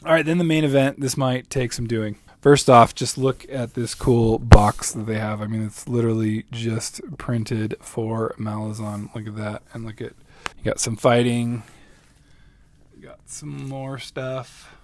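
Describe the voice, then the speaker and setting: A man in his thirties, chatty and excitable, casually showing off new books and laughing often. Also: mid-range voice, unhurried, slight background noise. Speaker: book video host. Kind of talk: casual book haul vlog.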